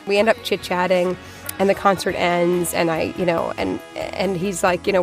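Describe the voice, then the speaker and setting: A woman's voice: on the low side, normal speed, soft background music. Chatty woman in her thirties telling a story. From Boston, USA. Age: 30s. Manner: chatty and animated, many "like" fillers. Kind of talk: personal storytelling.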